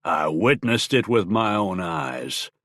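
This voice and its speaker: A man voicing a stern, scheming army colonel in an audiobook, with a sharp, strident, clipped delivery. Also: on the low side, expressive, dry recording, studio quality. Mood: cold. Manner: cold, clipped, deliberate. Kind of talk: audiobook character voice.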